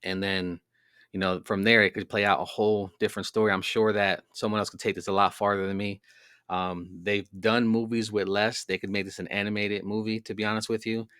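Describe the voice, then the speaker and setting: Low-voiced man rambling in a dry room. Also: little pitch movement, fairly quick, a bit bright, smooth, no echo. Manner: rambling, filler-heavy storytelling. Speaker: podcast host. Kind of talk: casual monologue.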